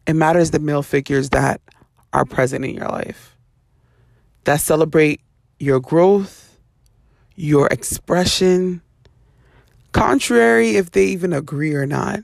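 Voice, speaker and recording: A woman hosting a podcast, telling casual stories in an animated, expressive way, acting out quoted voices and laughing often. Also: deep voice, unhurried, creaky, pauses often, no room sound, studio quality. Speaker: podcast host. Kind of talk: casual storytelling monologue.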